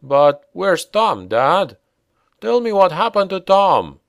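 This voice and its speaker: A man's voice: high voice, big pitch swings, slow pace, vocal fry, no echo, studio quality, voice pushed up, heavily acted. A man reading the part of an eager young man on guard duty, pleading and rising with worry as he asks after his brother. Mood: anxious.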